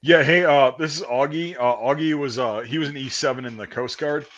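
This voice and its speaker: A man's voice: mid-range voice, fairly quick, lo-fi sound, a little hiss or hum. A man hosting a stream, telling stories in a casual, profane, rambling way. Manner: profane, rambling, animated storytelling. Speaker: stream host. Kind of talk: casual storytelling chat.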